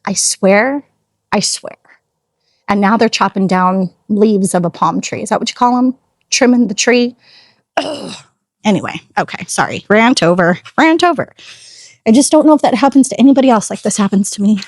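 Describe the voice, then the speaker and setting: A woman's voice: mid-range voice, normal speed, darkish tone, dry recording. A woman chatting casually to her phone camera outdoors while detailing a car, sassy and prone to ranting asides. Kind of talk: casual vlog chat. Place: outdoors at home, driveway. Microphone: phone camera on a tripod.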